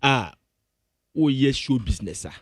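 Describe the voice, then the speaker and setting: A man's voice: mid-range voice, lively intonation, normal speed, husky, no echo. A man with a Ghanaian accent, a music pundit on a radio entertainment show. He argues emphatically and insistently, repeating himself to hold the floor. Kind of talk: heated entertainment-show debate. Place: radio studio.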